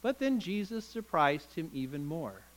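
Man, preacher, sermon, dramatic storytelling, emphatic, very lively pitch. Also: moderate pace, low-quality recording.

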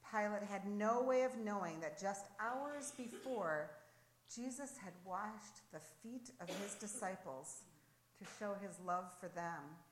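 A woman's voice: mid-range voice, takes it slowly, a little hiss or hum. A woman telling a scripture story in an earnest, dramatic reading, then leading a prayer. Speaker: devotional reader leading prayer. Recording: roomy echo.

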